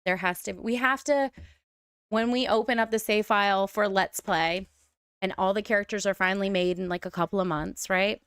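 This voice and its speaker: A woman's voice: mid-range voice, steady tone, moderate pace, fairly bright tone, clear, resonant tone, no room sound, clean studio sound. A young adult woman chatting casually while streaming a game, rambling and laughing often. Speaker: gaming streamer. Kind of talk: casual live stream chat.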